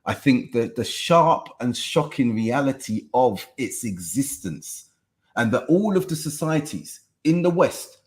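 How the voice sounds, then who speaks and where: A middle-aged man co-hosting a podcast, speaking in a measured, reflective way and weighing his words. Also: medium pitch, expressive. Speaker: podcast co-host. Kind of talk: reflective discussion. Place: podcast studio.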